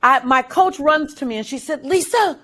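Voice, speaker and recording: A middle-aged woman, a guest, telling a story with dramatic, animated delivery. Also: high-pitched, moderate pace. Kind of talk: storytelling interview.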